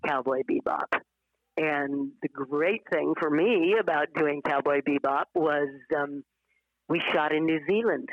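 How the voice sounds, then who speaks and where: A woman's voice: low-pitched, unhurried, no room sound, narrow, tinny audio. An older woman, an actress guest, chatting in an interview, laughing often and restarting her sentences. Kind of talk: casual interview conversation.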